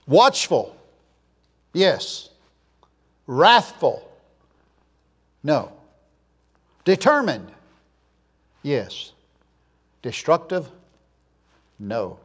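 A man preaching a sermon, emphatic, snapping between loud punchy words and quiet asides, using call-and-answer lists. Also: on the high side. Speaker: pastor.

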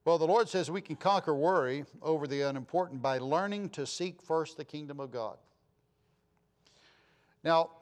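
Male pastor, sermon; folksy storyteller, lively delivery, voice sits a little high.

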